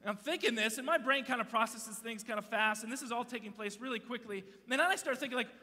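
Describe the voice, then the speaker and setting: A man in his thirties giving a joking, animated youth sermon from a church stage, telling stories and interrupting himself. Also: extremely high pitch, quick pace. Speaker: youth pastor. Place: large church auditorium stage. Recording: long hall reverb.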